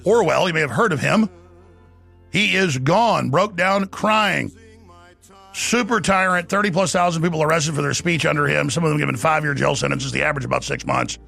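A man's voice: fairly high pitch, gravelly, sharp tone, soft background music. A middle-aged man hosting a talk show, ranting in a bombastic, scornful way. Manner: bombastic, fast-talking, scornful. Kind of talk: ranting talk radio monologue.

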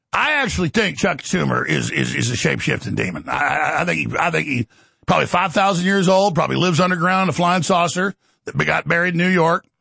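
A man hosting a show, ranting rapidly through political commentary and breaking into mocking impressions. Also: fairly high pitch, creaky, sharp tone, slightly rough, no room sound. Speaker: host.

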